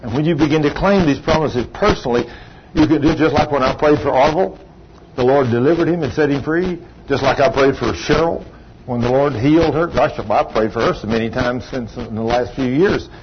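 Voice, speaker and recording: A man preaching a sermon in a conversational, animated way, rising high for emphasis. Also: fairly quick. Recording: muffled lo-fi recording with background noise.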